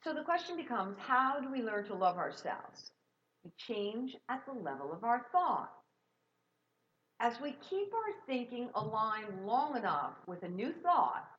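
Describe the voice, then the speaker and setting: A middle-aged woman giving a sermon as guest minister, warm and encouraging as she leads the congregation. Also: on the high side, muffled recording. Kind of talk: sermon with sung jingles. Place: church sanctuary.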